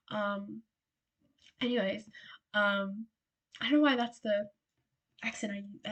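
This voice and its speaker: Chatty young Australian woman lecturing. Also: mid-range voice. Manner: chatty and rambling, many fillers and asides. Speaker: exam revision presenter. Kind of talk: casual revision lecture.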